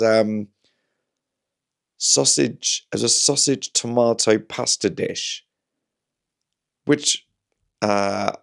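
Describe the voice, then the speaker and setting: A man's voice: fairly low pitch, gravelly. A young man from Slough with a slightly posh southern English accent, a comedian chatting casually on his own, rambling with lots of fillers and restarts and poking fun at himself. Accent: southern English, somewhat posh. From Slough, England. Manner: rambling, self-deprecating, many fillers and restarts. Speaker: comedian and podcast host. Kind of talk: casual solo chat.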